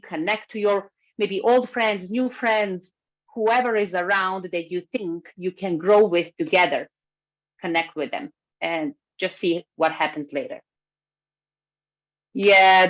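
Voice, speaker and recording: A woman giving a workshop talk over a video call, speaking in a lively way and moving as she talks. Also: mid-range voice. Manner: lively, moves while speaking. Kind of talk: webinar talk. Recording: slightly muffled video call recording.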